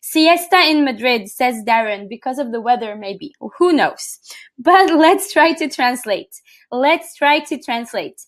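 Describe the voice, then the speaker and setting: A woman's voice: high voice, expressive, unhurried. A Norwegian-speaking woman teaching a live webinar lesson, patiently repeating phrases and calling on participants by name. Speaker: language teacher.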